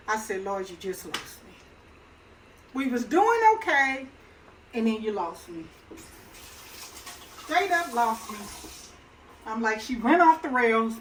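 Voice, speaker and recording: A middle-aged woman with a slightly high voice chats her way through a cooking demonstration at her own stove. Her talk is folksy and easygoing, and she laughs easily. A faint hum of kitchen noise sits behind her. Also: fairly bright tone, low-quality recording. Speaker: home cook and channel host.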